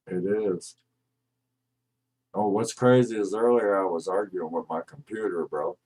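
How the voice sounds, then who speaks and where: Low-voiced man ranting with heavy profanity. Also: fairly even intonation, unhurried, a little mellow, breathy edge. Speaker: podcast co-host. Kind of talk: casual chat.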